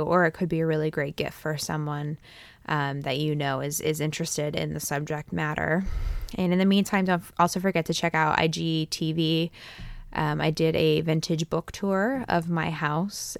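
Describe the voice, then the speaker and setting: A woman's voice: deep voice, gravelly, clean tone, dry recording. A woman hosting her own podcast, chatting casually with lots of ums and a friendly sign-off. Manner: chatty, many ums, warm wrap-up. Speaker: podcast host. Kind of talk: solo podcast talk.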